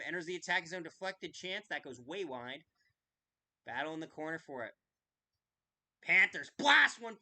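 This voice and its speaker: A woman podcast host giving excitable, casual live hockey commentary, who swears freely and shouts goal calls. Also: on the low side.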